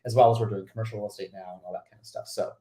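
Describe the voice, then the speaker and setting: A man co-hosting a podcast in relaxed casual chat, upbeat and teasing. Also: fairly low pitch, very fast. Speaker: podcast co-host. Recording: roomy echo.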